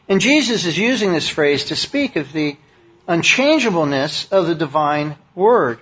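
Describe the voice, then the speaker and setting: A man's voice: high-pitched, sing-song, unhurried, a bit bright, breathy edge. A man preaching a sermon, speaking in a conversational, emphatic way with many fillers and restarts.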